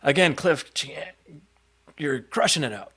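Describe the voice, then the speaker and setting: A man with a bright, forceful voice co-hosts a relaxed comic book podcast. He talks in an animated way, often slipping into characters' lines to make his point. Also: a little high, measured pace, breathy edge. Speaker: podcast co-host. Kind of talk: casual comic book discussion.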